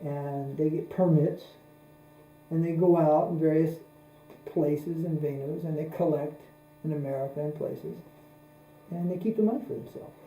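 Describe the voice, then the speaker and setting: A man giving a spiritual teaching talk, unhurried and repeating phrases for emphasis. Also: fairly high pitch, warm tone, a little hiss or hum. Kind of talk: spoken religious discourse. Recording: roomy echo.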